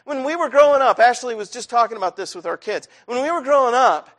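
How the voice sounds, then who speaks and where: A man's voice: extremely high pitch, quick pace, a bit bright. A middle-aged man preaching a sermon in a church, talking in a conversational way that builds to intense stretches.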